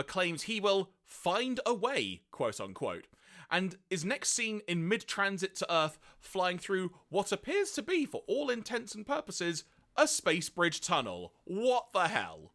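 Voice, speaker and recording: Lively, bright-voiced male podcast host. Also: high voice, unhurried. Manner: reads notes aloud, laughs often. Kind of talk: casual podcast discussion.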